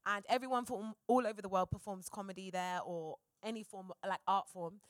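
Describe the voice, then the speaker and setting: A comedian telling stories as a guest on a live podcast stage, animated and playing out the voices of the people she quotes. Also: medium pitch, brisk, dry recording, clean studio sound. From England. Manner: animated storyteller who acts out quotes.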